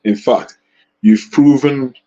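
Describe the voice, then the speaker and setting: A man speaking casually as a panelist on a live stream, effusive and halting, with many restarts. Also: mid-range voice, mellow. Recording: dull lo-fi stream audio.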